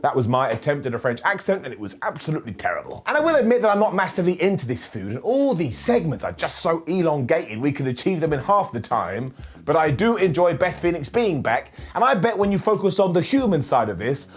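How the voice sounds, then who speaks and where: Animated, husky man reviewing. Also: on the high side, brisk. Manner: animated, jokey, ranting. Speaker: host. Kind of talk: casual review monologue. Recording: faint background music.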